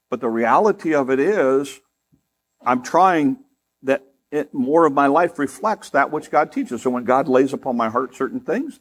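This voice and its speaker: A middle-aged man preaching a sermon in a conversational way, with humorous asides and rising emphasis, turning softer and slower when he prays. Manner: softer, slower and lower in prayer. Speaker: pastor.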